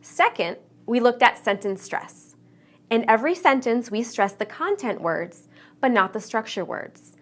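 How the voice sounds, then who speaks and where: Lively, emphatic woman teaching pronunciation. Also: fairly high pitch. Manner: clear, deliberate, emphatic teaching delivery. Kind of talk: scripted instructional narration.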